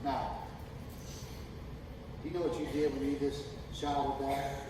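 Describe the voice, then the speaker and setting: A man preaching a sermon as pastor, impassioned and sometimes rising to shouts. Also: medium pitch, completely flat delivery, takes it slowly. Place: church sanctuary. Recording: echoey hall from far off with noise.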